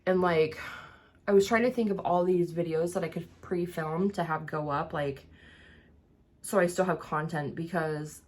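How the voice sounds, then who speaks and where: A woman's voice: fairly low pitch, moderate pace, darkish tone. A woman vlogger chatting casually as she gets ready, rambling with lots of fillers and struggling a little to enunciate words. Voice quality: rambling, many fillers and restarts. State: having trouble enunciating. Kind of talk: casual chat while getting ready.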